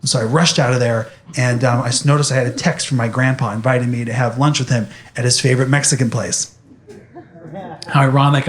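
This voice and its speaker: A young man speaking animatedly to an audience, telling a personal story in a motivational talk. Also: a little high.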